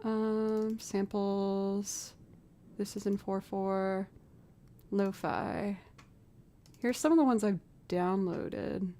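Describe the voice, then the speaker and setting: A woman's voice: medium pitch, fairly even intonation, extremely slow, pauses often, warm tone. Chatty woman musician thinking aloud. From outside Boston, USA. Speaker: musician streaming live. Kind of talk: casual livestream chat while working out music.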